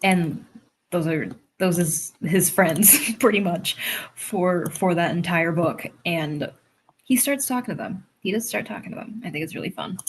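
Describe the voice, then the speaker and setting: A woman's voice: fairly low pitch, unhurried, slight background noise. A young woman hosting a casual livestream from home, chatting, reading viewer comments aloud and laughing often. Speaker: livestream host and writer.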